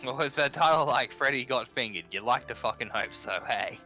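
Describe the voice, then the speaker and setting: A man co-hosting a game video, trading relaxed, profane banter with a friend. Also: mid-range voice, fairly quick, faint music behind. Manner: swears freely, laid-back banter. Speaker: let's play co-host. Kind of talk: casual chat over gameplay.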